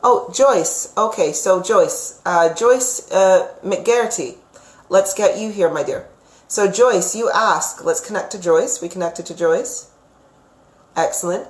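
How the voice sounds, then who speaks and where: A woman's voice: on the low side, slow pace. Affectionate psychic woman in an echoey room. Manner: affectionate, calls viewers sweetheart; chatty and rambling, with frequent fillers and restarts. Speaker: psychic reader. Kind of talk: live-streamed psychic reading.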